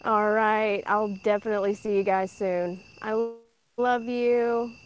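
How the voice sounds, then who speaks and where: A woman's voice: medium pitch, level tone, a little slow. A woman joining a casual group video chat from her backyard, giggly and effusive. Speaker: guest. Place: outdoors in a backyard.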